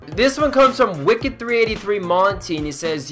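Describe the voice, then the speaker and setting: A man's voice: high-pitched, expressive, moderate pace, few pauses, music in the background. A young man hosting a gaming vlog, reading out fan messages in a goofy, teasing way. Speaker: YouTuber.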